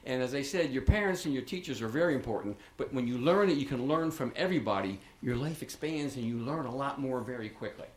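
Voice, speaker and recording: A man's voice: mid-range voice, lively intonation, fast talker, few pauses. An older man, a local author, speaking informally at a township meeting in a rambling, chatty way with many restarts and asides. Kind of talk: informal public remarks at a meeting. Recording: echoey meeting room.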